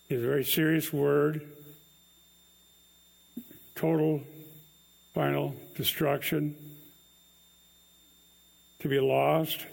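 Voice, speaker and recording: A man preaching a sermon in a slow, deliberate way, leaning hard on the words he stresses. His voice is gravelly and a little husky. It sits fairly high for a man. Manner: earnest, emphatic preaching with drawn-out stressed words. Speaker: pastor. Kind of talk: expository sermon.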